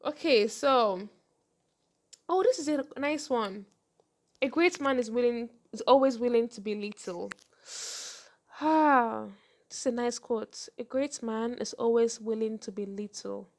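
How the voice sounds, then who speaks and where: A young woman hosts a casual podcast and gives advice. Her voice sits a little high, and she talks fast, with animated swings and frequent laughs. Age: young adult. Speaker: podcast host.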